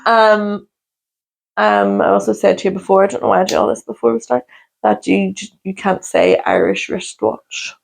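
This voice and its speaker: A woman co-hosting a podcast, talking in a loose, gossipy chat full of laughing asides. Her voice has a gravelly, creaky edge, and she speaks at an ordinary middle pitch. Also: animated, normal speed. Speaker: podcast co-host. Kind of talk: casual chat.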